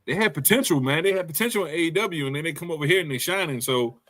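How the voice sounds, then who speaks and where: A man's voice: a little high, fast talker, a loud crowd. A man co-hosting a casual wrestling review podcast, rambling and slangy with lots of fillers. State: hiccups. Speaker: podcast co-host.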